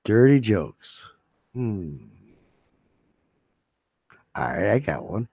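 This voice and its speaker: A livestream host, this man chats casually in a rambling, joking, loose manner. His voice sits on the low side, warm and husky, with a sing-song lilt and an extremely slow pace. The stream audio is dull and lo-fi, with no echo.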